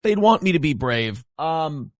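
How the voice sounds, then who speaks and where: A man's voice: fairly high pitch, sing-song, unhurried, no room sound. Sarcastic man in a mock-solemn monologue. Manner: sarcastic, boastful, theatrical. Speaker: radio host streaming. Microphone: close studio mic.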